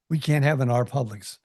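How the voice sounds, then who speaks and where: A man's voice: mid-range voice, darkish tone. A man co-hosting a podcast, talking in an easygoing, rambling and joking way. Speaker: podcast co-host. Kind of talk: casual chat.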